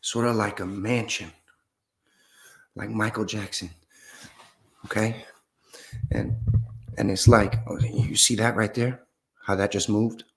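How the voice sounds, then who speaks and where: A man's voice: fairly low pitch, fairly even intonation, fairly bright tone. A man doing a solemn rambling mystic. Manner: slow, solemn pseudo-scientific musing, drawn-out pauses. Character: rambling mystical man, grandiose self-styled genius. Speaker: guest in a parody interview. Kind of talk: improvised comedy sketch.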